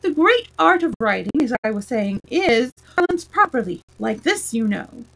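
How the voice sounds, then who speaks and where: A woman voicing a rambling, eccentric old male knight inventor who explains his ideas slowly and earnestly. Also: fairly high pitch, big pitch swings, gravelly, exaggerated voice, low-quality recording.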